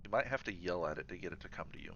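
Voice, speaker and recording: A man's voice: sits low, expressive, rapid-fire, fairly bright tone, slight background noise. A man streaming a game, chatting casually and rambling with many fillers and restarts. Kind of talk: casual chat while gaming. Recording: slightly dull livestream audio.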